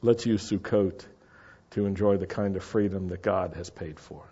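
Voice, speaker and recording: Male preacher, sermon, husky voice, slightly muffled recording, hushed to loud delivery. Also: sits low, normal speed. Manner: dynamic preaching, swings from quiet to loud exclamations. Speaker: pastor.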